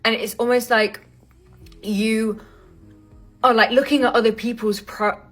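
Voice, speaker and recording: A woman's voice: fairly high pitch, steady tone, unhurried, a bit bright, faint music behind. Casual woman giving a tarot reading. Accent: not American. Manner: casual, filler-heavy, searching for words. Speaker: tarot reader. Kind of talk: intuitive tarot reading to camera.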